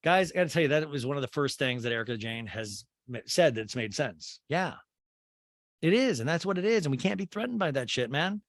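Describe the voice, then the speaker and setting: A man's voice: a little high, animated, brisk, no room sound, studio quality. A man hosting a comedy podcast, recapping a reality show with sarcastic, profane asides and exaggerated mimicked quotes. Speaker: podcast host.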